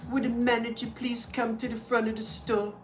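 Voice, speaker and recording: A woman's voice: fairly high pitch, normal speed, pitched above the performer's own voice, natural voice. Woman doing a mousy store clerk on the intercom. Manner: soft, flat intercom announcement. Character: mousy young female store clerk paging.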